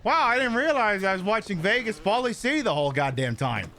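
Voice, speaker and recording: A man streaming a game with animated, sarcastic running commentary. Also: high-pitched, fairly quick, slight background noise. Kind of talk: let's play commentary.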